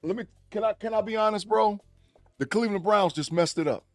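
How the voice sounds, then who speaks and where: A man's voice: high voice, a little fast, no room sound, studio quality, soft background music. A man co-hosting a live sports podcast, talking emphatically and repeating his points. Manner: emphatic, lively, repeats himself. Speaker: podcast co-host. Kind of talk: casual sports chat.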